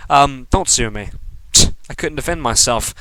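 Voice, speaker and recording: A man's voice: mid-range voice, expressive, moderate pace, pushed and bright, dry recording, low-quality recording. A young man hosting his own podcast, rambling sarcastically through the news with many ums and restarts. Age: young adult. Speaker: podcast host. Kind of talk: casual news commentary monologue.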